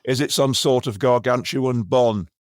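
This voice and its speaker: A man's voice: medium pitch, a little slow, dry recording, clean studio sound, lightly acted. A man doing a punk-poet impression. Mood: deadpan.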